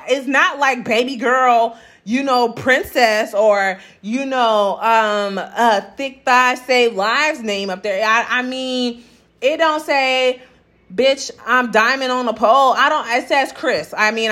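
A woman's voice: on the high side, fairly bright tone. A young woman telling a dating-app story to her viewers in a blunt, sassy, profane way, reading out the text messages as she goes. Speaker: vlogger. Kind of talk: casual storytelling rant.

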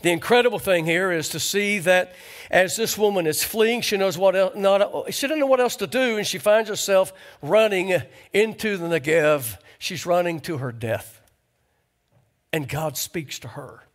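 A pastor preaching a conversational sermon in a church, asking the congregation rhetorical questions. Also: male voice, high voice, normal speed. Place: church sanctuary.

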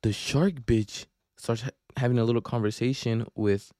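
A man's voice: fairly low pitch, level tone, brisk, hardly any pauses, dark tone, clear, resonant tone, no echo, studio quality. A young man, hosting a podcast and telling a profane, slangy story with lots of restarts. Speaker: podcast host. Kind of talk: casual storytelling.

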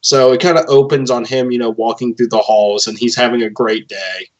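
A man's voice: mid-range voice, fairly even intonation, a little fast, dull audio. Chatty male co-host telling a bit. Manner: insistent, storytelling. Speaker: podcast co-host. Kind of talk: casual chat.

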